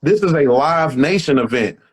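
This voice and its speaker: A comedian talking in a loose, animated way, laughing through his stories. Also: a little high, moderate pace, breathy edge, poor audio. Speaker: comedian guest. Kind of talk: casual chat.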